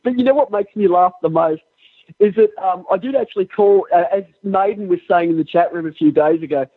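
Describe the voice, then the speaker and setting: A man's voice: high-pitched, brisk, husky, no room sound. A man calling in to a show, talking crudely and jokingly in a rambling way. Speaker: caller. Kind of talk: casual chat. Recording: tinny phone line.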